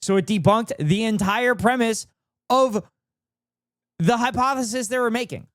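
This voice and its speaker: A man's voice: very high-pitched, measured pace, fairly bright tone, no echo, clean studio sound. A young man streaming, chatting casually and ranting with heavy swearing and sarcasm. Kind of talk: casual stream chat, reacting and reading chat.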